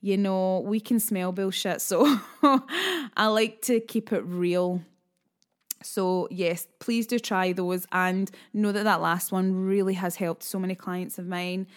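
A woman's voice: mid-range voice, takes it slowly. A Scottish woman hosting a self-help podcast as a coach, talking in a frank, chatty way with sassy asides. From Scotland.

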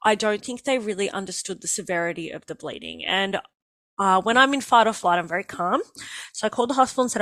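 Lively Australian woman telling a story. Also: mid-range voice, fast talker, no room sound. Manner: lively, joking, acts out quotes. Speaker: guest telling her birth story. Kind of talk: casual storytelling.

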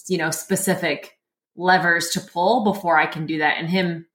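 A woman guest in a casual interview, talking in an animated way and often laughing as she explains. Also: on the low side, moderate pace, echoey room.

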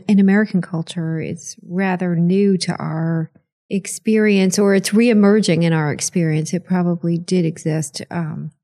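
A woman's voice: on the low side, warm tone. A woman hosting an interview, asking questions and affirming her guest attentively. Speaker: interview host. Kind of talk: conversational interview.

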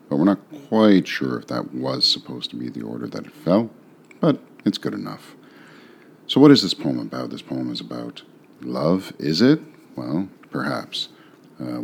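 A man reading a sonnet aloud, then talking through its meaning in a relaxed, musing way with rhetorical questions. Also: extremely low pitch, gravelly, a little hiss or hum. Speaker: poetry reader and explainer. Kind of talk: poetry reading and casual commentary.

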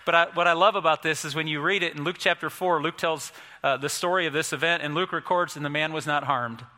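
A male pastor preaching a sermon, emphatic and storytelling, building to forceful peaks. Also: on the high side, fairly even intonation, fast talker. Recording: long hall reverb.

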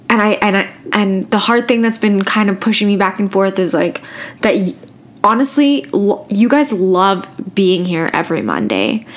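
A woman hosting her own podcast, talking casually and emotionally, halting and restarting as she holds back tears. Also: mid-range voice. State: close to tears. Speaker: podcast host. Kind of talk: casual solo podcast talk.

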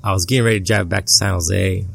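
A man telling a personal story as an interview guest, halting and repeating words, recorded outdoors at a family barbecue. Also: low-pitched, steady tone, gravelly, a bit bright, husky. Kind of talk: casual storytelling.

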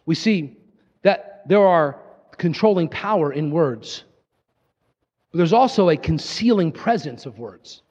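Male pastor, sermon, high voice, passionate repetition, long church reverb, muffled recording. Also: measured pace, pauses often. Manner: impassioned preaching with repetition and relaxed asides. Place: church sanctuary.

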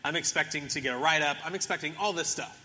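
A young man preaching to a church with a very bright, forceful voice that rides a little high for a man. He tells the story casually and acts out each character's lines. The long reverb of a big church sanctuary trails behind his words. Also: fast. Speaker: pastor. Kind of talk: sermon.

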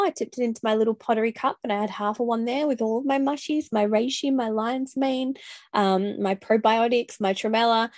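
Casting: frank, funny mum podcaster, a slightly gravelly woman, dry close sound. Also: mid-range voice, no echo. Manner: candid, swearing, laughing, acts out yelling. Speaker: podcast host. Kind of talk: casual solo podcast monologue.

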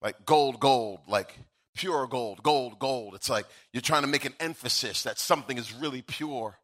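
A man's voice: medium pitch, moderate pace, a bit bright. A male pastor preaching a sermon, swelling into sung-out, emphatic lines and then easing back into conversational asides.

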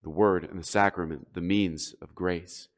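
A man's voice: deep voice, steady tone, moderate pace. A man preaching a sermon as a pastor, emphatic and rising and falling in force.

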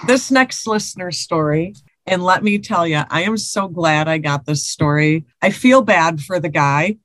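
A woman co-hosts a podcast, chatting casually and reading listener stories aloud, laughing, swearing, and repeating herself. Her voice is on the low side and unhurried, with background noise behind her.

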